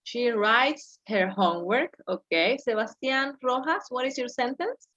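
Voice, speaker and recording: A woman's voice: a little high, unhurried, a bit bright, highs cut off. A woman teaching an English class over a video call, patiently correcting her students step by step.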